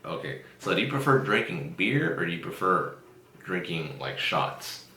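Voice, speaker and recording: A man's voice: low voice, sing-song, moderate pace, bright, forceful tone. A man hosting a casual podcast chat, swearing freely and laughing often as he tells stories. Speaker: podcast host. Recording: roomy echo.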